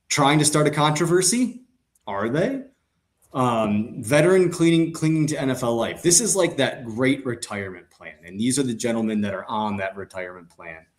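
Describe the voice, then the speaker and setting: Guy riffing on football backups for a podcast, jokey, lots of ums and restarts. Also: medium pitch. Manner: animated, joking, many fillers and restarts. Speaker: podcast co-host. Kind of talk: casual sports chat.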